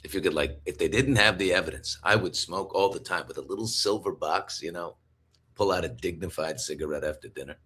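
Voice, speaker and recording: Figure: man putting on a throaty New York smoker. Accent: New York outer-borough. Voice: very low, husky, bright. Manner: drawling, laid-back. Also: a little fast, full character voice. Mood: schmoozing. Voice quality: deep, throaty. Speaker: fill-in host persona.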